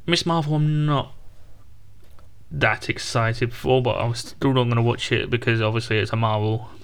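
A man's voice: mid-range voice, steady tone, normal speed, vocal fry, clean tone. A man co-hosting a podcast in casual chat, running through a list with teasing asides. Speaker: podcast co-host.

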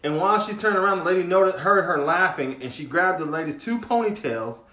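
High, bright-voiced man telling comic stories. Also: fairly quick, echoey room. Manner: animated storyteller who laughs through his stories. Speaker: comedy show co-host. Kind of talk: casual comedic banter and storytelling.

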